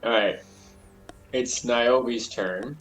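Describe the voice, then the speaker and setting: A man's voice: medium pitch, drawn-out words, faint music behind, low-quality recording. Casual male game master. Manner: casual, loose scene descriptions with fillers. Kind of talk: narrating a tabletop game.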